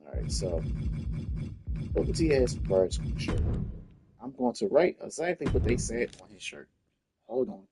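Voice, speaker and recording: A man's voice: medium pitch, sing-song, normal speed, pauses often, background noise. A man muttering casual gameplay commentary to himself as he builds a character. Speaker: gamer creating a wrestler.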